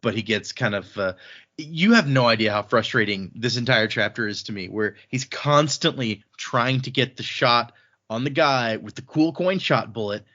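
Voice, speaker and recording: A man casually recapping a book chapter on a podcast, rambling and animated as he retells the action. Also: mid-range voice, moderate pace. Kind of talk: casual chat. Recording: slightly dull lo-fi sound.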